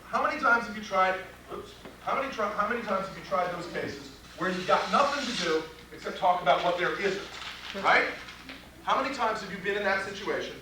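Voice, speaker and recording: Heard from a distance in an echoey training room full of people, a criminal defense trial instructor runs a live workshop for trial lawyers. His high-pitched voice has lively intonation and a brisk pace, and he's blunt, profane and full of rhetorical questions. The background is noisy.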